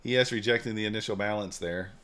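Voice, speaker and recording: A man's voice: lowish voice, quick pace, fairly bright tone. Laid-back joking male stream host. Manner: laid-back, joking, reads and answers chat. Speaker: livestream trading host. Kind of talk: casual live-stream chat.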